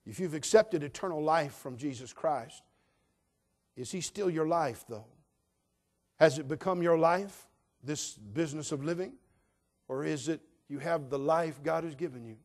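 Animated preaching man with a fairly high voice. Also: a little slow. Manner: animated, humorous preaching that swings between loud emphasis and quiet asides. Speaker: pastor. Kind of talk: sermon.

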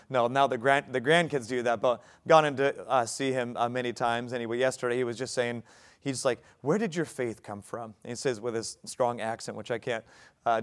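A man's voice: mid-range voice, smooth. A young adult male pastor preaching a sermon, talking conversationally and building to emphatic points.

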